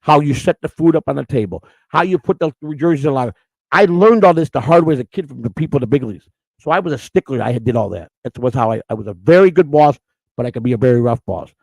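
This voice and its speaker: A middle-aged man telling stories in a blunt, profane, casual way, with fast run-on sentences and restarts. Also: mid-range voice, lively intonation, creaky, darkish tone, no room sound, low-quality recording. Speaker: storyteller recalling his work. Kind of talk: casual storytelling.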